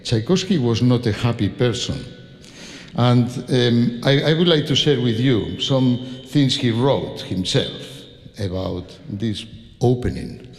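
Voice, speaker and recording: A man's voice: medium pitch, takes it slowly. A man from Spain with a Spanish accent, a conductor addressing a concert audience, talking with frequent restarts and laughing asides. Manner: warm, hesitant, laughing asides, many restarts. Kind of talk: spoken introduction to a concert. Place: concert hall stage. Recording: long hall reverb.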